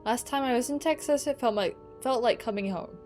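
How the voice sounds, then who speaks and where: A woman's voice: on the high side, fairly quick, a little mellow, soft background music, voice pushed up, natural voice. M, a woman reading as a lovesick 1940s letter writer. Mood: longing. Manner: reading aloud, tender then resigned. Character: young woman writing love letters, 1940s. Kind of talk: reading game letters aloud.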